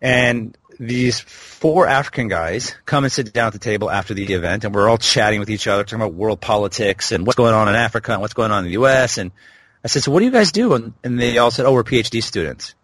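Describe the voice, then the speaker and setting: A man's voice: on the low side, fast, fairly bright tone. A man in his thirties, a podcast guest, candidly telling a personal story in a reflective way. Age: 30s. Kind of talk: storytelling interview.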